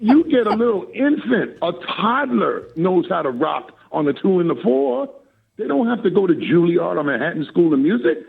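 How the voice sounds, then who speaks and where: Animated gravelly older man, lo-fi audio. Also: high-pitched, normal speed. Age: 60s. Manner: animated, playful, acts out both sides of conversations. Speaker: guest musician. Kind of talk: casual interview chat.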